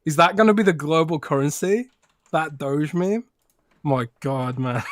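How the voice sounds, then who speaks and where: A man's voice: a little high, unhurried, no room sound. A man with a British accent co-hosting a casual podcast, chatty, often restarting his sentences and laughing easily. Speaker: podcast co-host.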